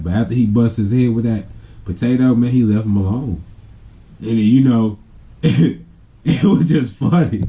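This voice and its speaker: A man vlogger telling a family story to camera in a casual, animated way, laughing often and acting out the sounds. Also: fairly low pitch.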